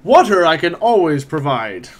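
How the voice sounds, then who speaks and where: A man voicing a gruff, dryly joking male tavern keeper in a tabletop game. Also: on the high side, sing-song, normal speed. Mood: wry.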